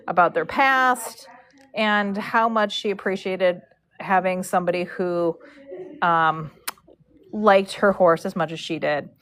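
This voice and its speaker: A woman hosting a live stream, telling a story in a chatty, animated way and acting out both sides of the dialogue, recorded in a barn. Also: medium pitch. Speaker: horse braider and live-stream host.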